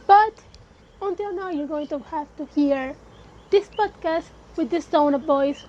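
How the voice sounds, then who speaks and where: A woman's voice: high-pitched, a little slow, darkish tone, muffled recording. A woman hosting a casual solo podcast, sounding sick and congested with a cold, chatty and emphatic, slipping into Spanish phrases now and then. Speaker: podcast host.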